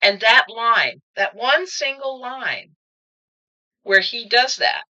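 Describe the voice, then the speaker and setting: A woman talks through a tarot reading in a loose, conversational way, often circling back and restarting her phrases. Her voice is strikingly bright and pointed. The recording is slightly dull and lo-fi. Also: a little high, expressive, takes it slowly. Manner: musing, rambling, with frequent restarts. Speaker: tarot card reader. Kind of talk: casual spoken tarot reading.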